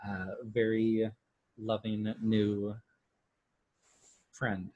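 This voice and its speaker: Man doing a young noblewoman, low husky mutter, polite. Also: flat delivery, drawn-out words, no room sound, lo-fi sound. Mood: strained polite. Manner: quiet, muttering under the breath. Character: poised young noblewoman under pressure.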